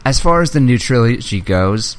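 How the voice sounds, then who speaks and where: A young man chatting excitedly as a podcast co-host, swearing freely and acting out movie lines as he retells scenes. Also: medium pitch, moderate pace. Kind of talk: casual chat.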